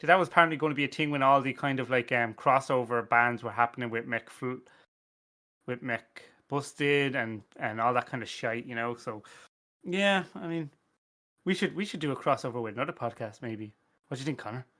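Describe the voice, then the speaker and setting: A man's voice: medium pitch, moderate pace, sharp tone. An Irish man hosting a casual podcast chat, rambling, swearing and laughing often at his own stories. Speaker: podcast host.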